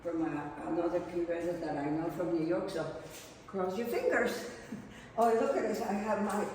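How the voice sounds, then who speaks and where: A middle-aged woman artist from Mexico with a Mexican Spanish accent, a native Spanish speaker giving a casual, rambling, excitable tour of her home studio and slipping into Spanish. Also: on the low side, moderate pace, far from the mic, slight background noise. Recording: echoey room, voice from off-mic, faint ambience.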